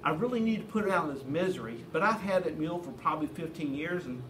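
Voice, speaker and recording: A soft-spoken, kindly old farmer speaks in plain, unhurried words , as a storyteller puts him on. The voice sits fairly high and bright. It is recorded from a distance with a faint hiss underneath. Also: male voice, animated, natural voice. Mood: earnest.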